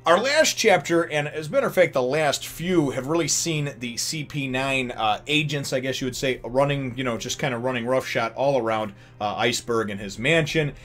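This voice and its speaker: A man's voice: mid-range voice, normal speed, few pauses, fairly bright tone. A man hosting a casual manga chapter review vlog who rambles with lots of fillers and laughs often. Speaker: host of a manga review channel.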